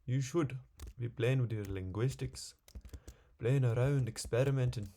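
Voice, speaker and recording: A man voicing his own singing voice as a figure, raising his pitch and giving him exaggerated, sing-song encouragement. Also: a little slow, warm tone, natural voice. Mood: encouraging.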